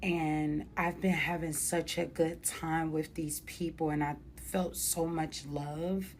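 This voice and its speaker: A young woman tells a personal story in an earnest, colloquial, heartfelt way. Her voice is notably low. A faint ambient noise sits behind her. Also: a little mellow. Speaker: makeup artist.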